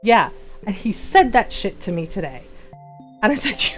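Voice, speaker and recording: A woman's voice: medium pitch, very animated, normal speed, soft background music. A woman hosting a livestream, talking in a heated, emphatic way and repeating her points. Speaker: livestream gamer host. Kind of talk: casual livestream chat.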